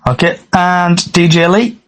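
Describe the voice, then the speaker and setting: A man's voice: sits high, unhurried, fairly bright tone, low-quality recording. A man hosting a casual fan podcast, reading out news items and then asking each panelist for their view. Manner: reads club news aloud, then polls the panel. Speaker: podcast host.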